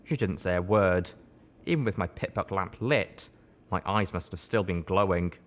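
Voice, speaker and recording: A man narrating a first-person story as an audiobook reader, in a steady, measured way. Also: low voice.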